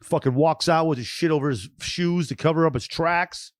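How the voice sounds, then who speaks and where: Man, slightly high voice, dry close mic, casual comedy podcast banter, profane, joking. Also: moderate pace, no echo. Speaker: podcast co-host.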